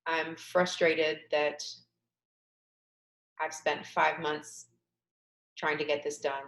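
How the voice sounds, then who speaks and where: Low-voiced woman leading tapping affirmations. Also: little pitch movement, slow, roomy sound, rough recording. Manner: leads repeated affirmations, sighing and emphatic. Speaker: tapping coach. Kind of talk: guided tapping session. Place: home, on a webinar. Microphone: video call webcam.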